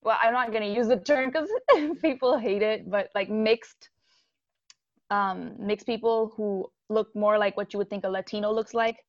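Woman guest from Haiti, candid and animated, on a dull lo-fi video call. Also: medium pitch, normal speed, no echo. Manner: candid and animated, with frequent fillers and laughs. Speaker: guest, musician. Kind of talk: casual interview over a video call.

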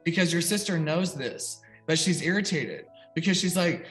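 A man's voice: fairly high pitch, animated, normal speed, a bit bright, faint music behind. A young man working as a psychic medium, giving a casual, rambling reading full of "like" and fillers. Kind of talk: casual spoken reading on a video call.

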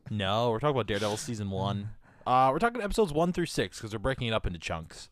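A man's voice: on the low side, very animated, fast talker, fairly bright tone, no echo. A man hosting a podcast in casual chat, chatty and blunt, breaking into profane rants. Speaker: podcast host.

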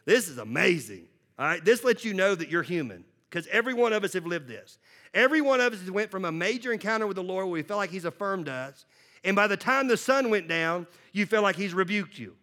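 A male pastor preaching a lively sermon, acting out little dialogues and tossing in quick asides. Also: sits high.

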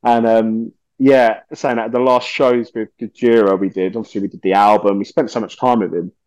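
A man, a podcast guest telling stories in a lively, swearing way and acting out the voices of people he quotes. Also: on the low side, normal speed, no room sound, muffled recording. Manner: animated, swears often, acts out quoted voices. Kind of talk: casual storytelling interview.

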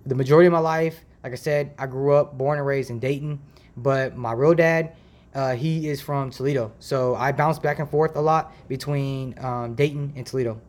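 A man's voice: mid-range voice, normal speed. A man from Ohio hosts a faith podcast from a makeshift home setup. He talks in a loose, rambling way, slips into slang and circles back to his point. He is recorded close on a decent home mic. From Ohio, USA. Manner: rambling, chatty, relaxed slang. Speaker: podcast host. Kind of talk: casual faith podcast monologue.

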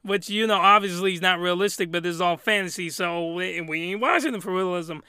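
A man's voice: sits high, a little fast, pushed and bright, clear, resonant tone, no echo, studio quality. A man giving a comedic review rant, rambling and exclamatory, with loose, colloquial talk. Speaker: anime reviewer.

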